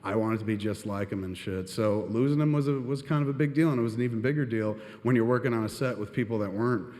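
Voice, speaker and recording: A man's voice: fairly low pitch, quick pace, a little mellow. A man telling a long story on stage into a microphone, rambling and swearing casually. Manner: rambling, profane, peppered with "and shit". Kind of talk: live storytelling. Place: stage in a venue. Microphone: handheld microphone. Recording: hall reverb.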